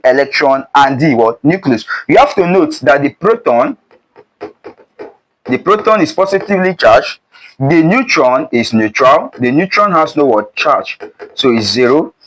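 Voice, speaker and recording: A man's voice: on the high side, expressive, a little slow, poor audio. Man quizzing with "what?". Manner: call-and-response prompting, asks "what?" before each answer. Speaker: chemistry tutor. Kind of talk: exam prep lesson.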